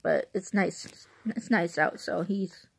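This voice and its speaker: A woman's voice: fairly low pitch, slow pace, vocal fry, slight background noise. Rambling young woman, chatty vlog. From Chicago suburbs, Illinois. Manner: rambling and talkative, often laughing. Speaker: vlogger. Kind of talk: casual chatty movie review. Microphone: phone.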